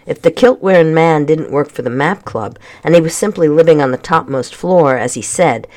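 A calm storybook reader narrating a children's chapter book aloud. The delivery is steady and measured, with a voice of middle pitch.

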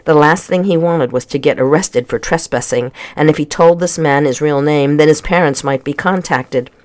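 Calm, measured storybook reader. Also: mid-range voice. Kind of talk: storybook read-aloud.

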